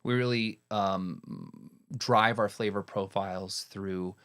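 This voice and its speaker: Lower-voiced guy, laid back, lots of um and you know, podcast guest talking about his job. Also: takes it slowly, clean tone. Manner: relaxed, rambling with many fillers. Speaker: head cider maker, guest. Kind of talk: casual podcast interview.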